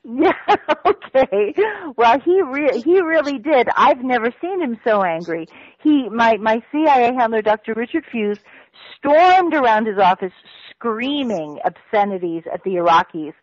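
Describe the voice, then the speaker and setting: Blunt, emphatic woman radio guest with a slightly high voice, heard on dry, muffled radio audio. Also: expressive, moderate pace, no room sound. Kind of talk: radio interview.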